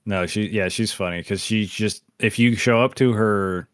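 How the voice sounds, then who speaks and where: Deep-voiced man hosting a podcast. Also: moderate pace, no echo, studio quality. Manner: rambling, many fillers and restarts; laughs while retelling scenes. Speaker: podcast host. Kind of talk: casual chat.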